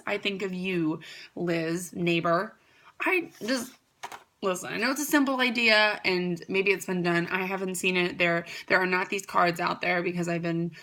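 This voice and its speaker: Young woman, founder pitch, casual, rambling, upbeat, bright tone, mid pitch. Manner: chatty and upbeat, rambling with fillers and restarts. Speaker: card company founder. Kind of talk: casual product pitch to camera.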